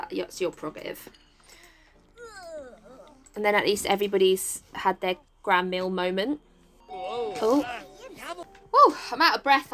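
An English woman chatting excitedly as she plays a life-sim game, cheering on and coaxing her characters. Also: mid-range voice. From England. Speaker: gaming YouTuber. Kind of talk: casual let's-play commentary. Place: home, top-floor flat.

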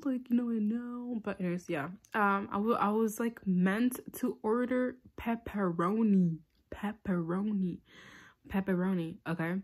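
A young woman, telling a casual storytime in a vlog, animated and laughing, sometimes dropping to a whisper. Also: medium pitch. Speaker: vlogger.

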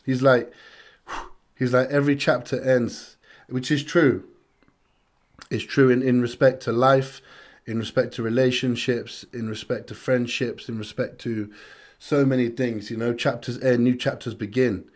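A man's voice: mid-range voice, level tone, unhurried. A British man from the UK hosting a music reaction, talking in a casual, earnest and reflective way and repeating phrases for emphasis.

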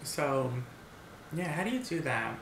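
Bright-voiced man rambling in a roomy echo. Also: on the high side, expressive, measured pace, creaky, a little hiss or hum. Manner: rambling storyteller, many restarts and fillers. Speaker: mukbang vlogger. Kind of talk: casual chat. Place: home, seated eating at a table.

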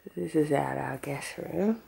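Speaking at a measured pace in a low, creaky, mellow voice, an Australian woman records a casual home vlog in a guest room. She talks into a handheld camera and slips into playful sing-song baby talk with her son, with slight background noise.

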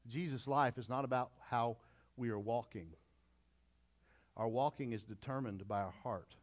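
A man's voice: medium pitch, moderate pace, long pauses. A middle-aged pastor preaching a conversational sermon with repeated phrases and asides to his congregation.

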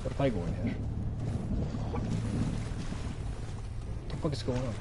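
A man's voice: medium pitch, unhurried. A man talks through a video game as he plays, his voice jumping up and down and full of sudden exclamations and casual curses. His throat sounds slightly strained, and a faint hiss sits under the recording. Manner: excitable, swears often, thinks aloud. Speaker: gaming let's-player. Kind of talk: casual gameplay commentary.

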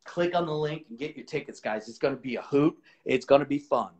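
A man hosting a live shopping stream, chatting casually with viewers in an upbeat way and pitching items for sale. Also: a little fast.

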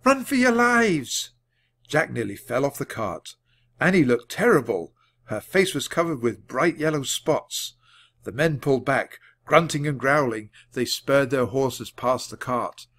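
Male narrator for a kids' audiobook, clear and lively. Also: mid-range voice, a little slow. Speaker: audiobook reader. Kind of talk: reading a children's book aloud.

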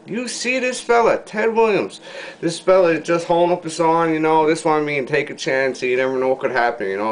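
A man with a Newfoundland accent ranting casually to camera in a video response, full of slang, rambling, sliding from low mutters into loud excited bursts. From Newfoundland, Canada. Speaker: vlogger.

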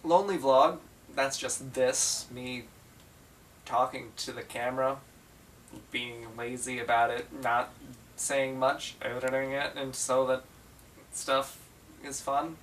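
A man's voice: flat delivery, slow, long pauses, fairly bright tone, distant mic, a little hiss or hum. Playful young male vlogger. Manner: playful, bickering with himself, jumps into higher voices. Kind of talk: comedic solo vlog.

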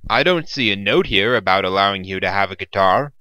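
A man's voice: on the low side, animated, fairly quick, pushed and bright, lo-fi sound. A man voicing a befuddled, officious male monk doorkeeper who talks hesitantly. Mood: confused.

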